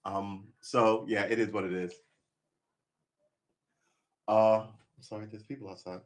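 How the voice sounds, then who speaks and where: A man's voice: lowish voice, fairly even intonation, measured pace. A man chatting casually on a live stream, rambling and making wry jokes.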